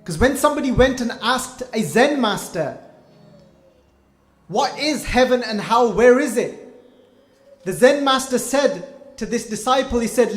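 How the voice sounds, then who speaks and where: High-voiced man preaching in an echoey hall. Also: measured pace, soft background music. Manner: animated storytelling, acting out quoted lines. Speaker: Gurmat class teacher. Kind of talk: storytelling sermon.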